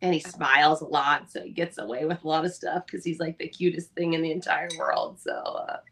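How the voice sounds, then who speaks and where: A woman's voice: low-pitched, sing-song, a little fast, creaky, a bit bright. A woman in her thirties, a mother of four, talking candidly and with animation in a casual chat, swearing now and then. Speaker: podcast co-host.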